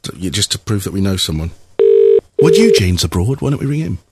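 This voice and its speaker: A man's voice: deep voice, sing-song, a little fast, very noisy. A man hosting a podcast, chatting casually with rambling, jokey banter. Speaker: podcast host. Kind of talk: casual comic chat.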